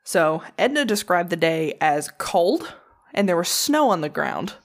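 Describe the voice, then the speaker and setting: Profane, animated woman storyteller. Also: lowish voice, measured pace. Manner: profane, animated storyteller with mocking quoted voices. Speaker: podcast co-host telling a true crime story. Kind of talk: casual true crime chat.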